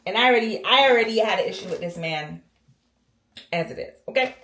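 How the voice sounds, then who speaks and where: Woman vlogger, mid pitch, casual emphatic storytime, roomy bathroom echo. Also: lively intonation, a little fast, a bit bright, slight background noise. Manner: emphatic, talks straight to viewers with frequent "okay?". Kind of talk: casual storytime while cleaning. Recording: echoey bathroom.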